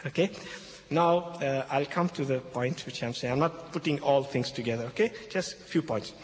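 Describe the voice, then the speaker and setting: A Christian speaker with a medium-pitched voice talks at a normal speed, retelling a Bible story to an audience in broken English. He repeats key phrases and often checks in with "okay?", and the hall is echoey with faint background noise.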